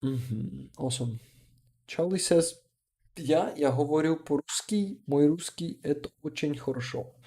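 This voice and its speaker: A tired man hosts a casual livestream, answering chat in a slow, unhurried way. His voice is dark and gravelly, and his talk is halting, full of restarts and soft chuckles. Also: mid-range voice. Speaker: livestream host. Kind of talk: casual livestream chat, reading viewer comments.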